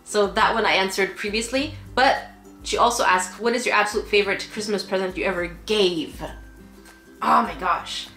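Feeling unwell and tired, a young woman vlogs casually from her bed at home, her medium-pitched voice pushed and bright at a normal pace. She's chatty and emotional and laughs often, recorded in an echoey bedroom with faint music.

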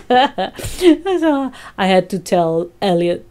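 A woman's voice: mid-range voice, sing-song, drawn-out words, warm tone. A woman vlogger chatting casually to her fans, laughing often as she tells a story. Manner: laughs often, breaks off and restarts.

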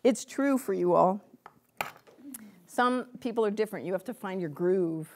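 A woman giving a lecture to a live audience as a psychic medium, chatty and animated, laughing often and speaking straight to her listeners. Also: medium pitch, moderate pace, a little hiss or hum.

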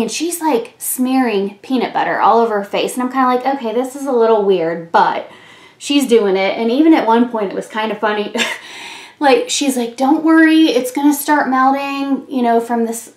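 Woman, middle-aged, beauty vlogger, casual get-ready chat, rambling storyteller, laughs a lot, slightly high voice, echoey room. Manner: chatty storytelling, laughs often, many fillers. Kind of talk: casual chat while doing makeup. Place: room at home.

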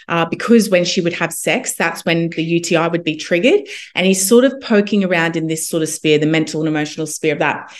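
A young woman, a homeopath guest, telling a personal story in a casual, animated way and acting out what others said. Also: fairly low pitch. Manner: animated, quotes others in lively asides.

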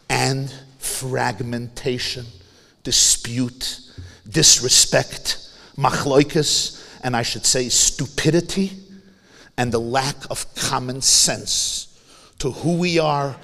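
A man giving a memorial sermon as a rabbi, swinging from hushed tones to shouting and asking rhetorical questions. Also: medium pitch. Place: large hall. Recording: long hall reverb.

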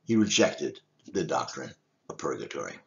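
A man's voice: a bass voice, big pitch swings, normal speed, creaky, lo-fi sound. An older man, a deacon, giving an emphatic teaching talk with rhetorical questions. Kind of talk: teaching talk on church history.

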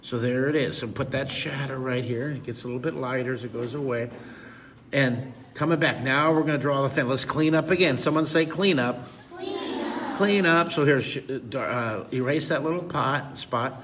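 A man's voice: mid-range voice, normal speed, a bit bright, slight background noise. A man teaching a live drawing lesson for kids, enthusiastic and playful, asking his audience to call words back.

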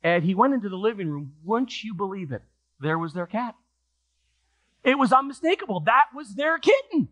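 Animated, high-voiced preacher telling a story. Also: male voice, normal speed. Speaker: pastor. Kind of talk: sermon. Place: church sanctuary.

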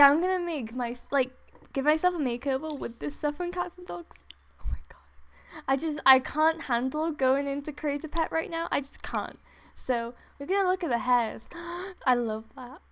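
Young woman gamer, high voice, breathless and giddy, keeps breaking off to gasp and giggle, desktop mic at home. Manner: giddy and breathless, laughing, gasping and trailing off. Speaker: gaming YouTuber. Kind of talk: excited gameplay commentary. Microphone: desktop USB microphone.

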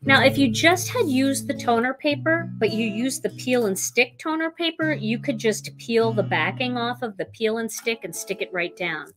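A woman's voice: a little high, expressive, normal speed, few pauses, music in the background. A woman hosting a live crafting demonstration, chatting with her viewers as she works. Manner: chatty, talks to viewers while working. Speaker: craft show host.

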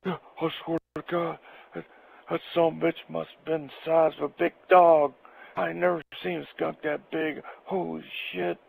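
A man voicing a spooked hunting buddy who swears breathlessly and excitedly. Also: fairly high pitch, moderate pace, creaky, breathy edge, voice pushed up, heavily acted, rough recording.

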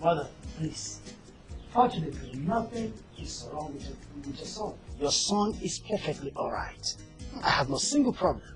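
A man's voice: a little high, lively intonation, moderate pace, faint music behind, natural voice. A man playing a flippant cocky young son. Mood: dismissive. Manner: flippant, mocking. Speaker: actor. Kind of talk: Nigerian film drama.

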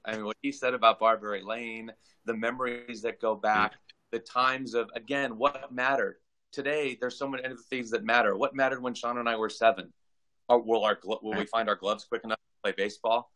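Gravelly, low-voiced man in his forties. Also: pushed and bright, poor audio. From Southern California. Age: 40s. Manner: earnest, repeats words when emotional. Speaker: guest. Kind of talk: casual video call interview.

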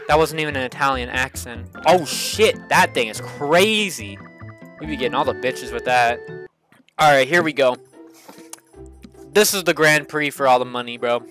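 A young man giving excitable, swearing commentary while playing a kart racing game, often jumping up into high yelps. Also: moderate pace, faint music behind. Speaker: gaming channel host. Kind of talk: let's play commentary.

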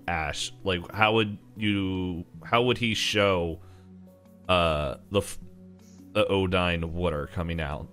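A man's voice: low-pitched, a bit bright. A man running a tabletop game as game master, explaining rules and lore loosely with many fillers.

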